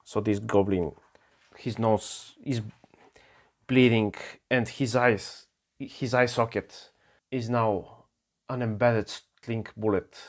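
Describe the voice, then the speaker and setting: Slow, halting solo game narrator, man. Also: lowish voice, fairly even intonation.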